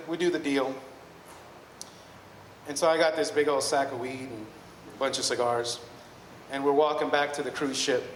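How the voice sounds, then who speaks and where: A man telling a personal story live to an audience, chatty and rambling, often correcting himself. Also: a little high. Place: hall at a live storytelling evening. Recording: echoey hall with long reverb, faint noise.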